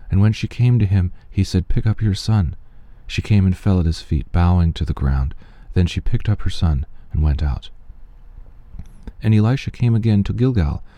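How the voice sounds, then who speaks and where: Low dark-voiced man reading scripture. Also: dry recording. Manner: plain measured reading, quoted speech barely acted. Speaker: scripture reader.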